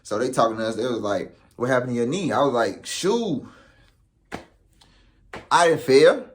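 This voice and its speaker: A man's voice: mid-range voice, fast. A young man telling a story in casual vlog style, with profane street slang. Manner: animated, profane street slang, acts out quotes. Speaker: vlogger.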